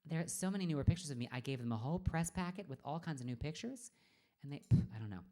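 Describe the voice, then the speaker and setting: A woman's voice: low-pitched, lively intonation, racing, mellow. A woman in her forties chatting casually on a live stream as a drag performer, rambling and trailing off into murmurs and whispers. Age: 40s.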